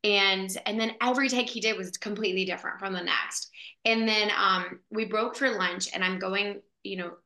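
A woman actress, a guest in an interview, telling a story in a casual, animated way with lots of fillers. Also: medium pitch, moderate pace. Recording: echoey room.

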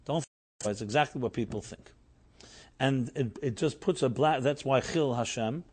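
A middle-aged man, a rabbi, giving a Torah class, telling a story with emphatic rises and animated delivery. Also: mid-range voice, moderate pace, breathy edge.

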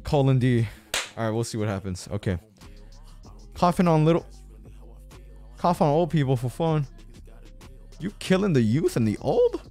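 A young man livestreaming, chatting casually to his viewers and swinging between yelled rants and low mumbling. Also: big pitch swings, brisk, long pauses, dry recording, soft background music.

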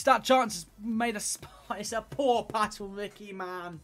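A young man giving play-by-play commentary on his own football video game, swinging between low grumbling and shouted excitement. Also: moderate pace, hardly any pauses. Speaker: gaming YouTuber playing football career mode.

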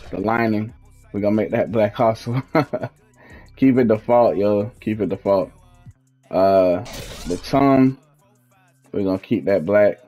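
A man's voice: on the low side, measured pace, long pauses, dark tone, faint music behind. A young man hosting a casual gaming walkthrough, talking in a laid-back, slangy way and trailing off while he thinks. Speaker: gaming video host. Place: at home, in his fiancée's house.

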